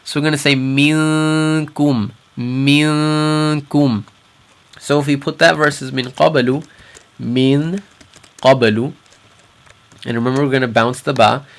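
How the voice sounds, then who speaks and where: A man teaching Quran recitation rules, explaining patiently and repeating each example word slowly so learners can hear it. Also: mid-range voice, little pitch movement, creaky, fairly bright tone. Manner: patient, repeats Arabic words slowly for practice. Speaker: tajweed teacher.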